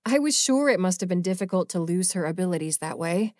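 A woman narrating a paranormal romance audiobook in first person, with a measured, expressive reading. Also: fairly low pitch, dry recording, clean studio sound.

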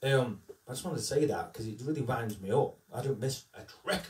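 A man's voice: medium pitch, animated, a little fast, a little mellow. A man who works as a tribute singer for a famous singer, chatting casually on a live stream as a storyteller who tags his lines with "right?". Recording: echoey room, distant mic.

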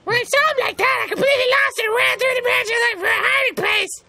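A man voicing a panicky little mushroom creature in a frantic, shrill voice. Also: quick pace, pushed and bright, distant mic, full character voice.

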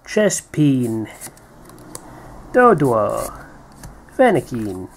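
A man's voice: mid-range voice, big pitch swings, very slow, a little hiss or hum. A British man chatting playfully while opening card packs, reading out names with little laughs. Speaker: card pack opener, co-host. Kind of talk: casual unboxing chat.

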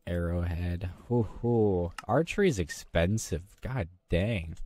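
A man's voice: deep voice, slow, darkish tone. A man giving casual gameplay commentary, muttering to himself as he plays and making wry, self-mocking jokes. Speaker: gaming channel host.

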